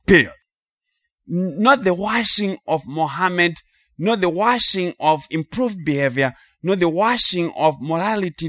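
A man preaching a sermon in an emphatic, rhythmic way with dramatic pauses. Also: fairly high pitch, a bit bright, dry recording, clean studio sound.

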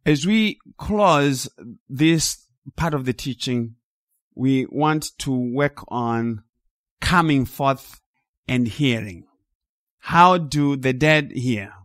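A man preaching a sermon in an animated, emphatic way, rising to loud peaks and dropping low. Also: drawn-out words, no echo, studio quality.

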